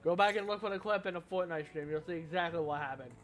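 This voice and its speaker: High-voiced joking gaming streamer man. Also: fast talker, a little hiss or hum. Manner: joking, self-mocking, swearing. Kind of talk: casual let's play commentary.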